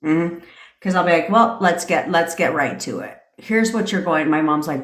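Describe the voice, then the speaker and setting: Woman, lowish voice, brash profane rant, casual live stream, echoey room. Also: lively intonation, normal speed. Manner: profane, brash storytelling with frequent laughs. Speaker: manifestation coach hosting a live stream.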